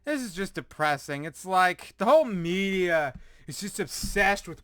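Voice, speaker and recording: A man delivers a sarcastic, exasperated rant, full of swearing, sighs and frustrated repetition. His voice sits high and sounds bright and forceful. The recording is dry, with no room sound. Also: animated, measured pace, no echo. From United States. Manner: sighs often, repeats words in frustration. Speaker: commentator reacting to news articles. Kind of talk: ranting commentary.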